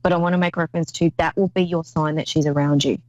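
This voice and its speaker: A woman's voice: low-pitched, fairly even intonation, fast, a little mellow, no echo, dull audio. A woman hosting a call-in psychic reading show, talking in an effusive, rambling way with many restarts. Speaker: psychic medium host.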